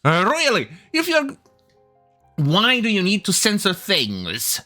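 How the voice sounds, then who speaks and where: A man's voice: high-pitched, huge pitch swings, slow, bright, forceful tone, faint music behind. A man hosting a commentary video, ranting with heavy swearing and scorn, often stumbling and restarting his sentences. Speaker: commentary channel host.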